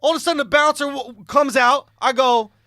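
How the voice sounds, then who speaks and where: A man in his thirties telling a long story on a podcast, animated and laughing, jumping between low asides and high excited bursts. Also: a little fast, no room sound, clean studio sound. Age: 30s. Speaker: podcast co-host.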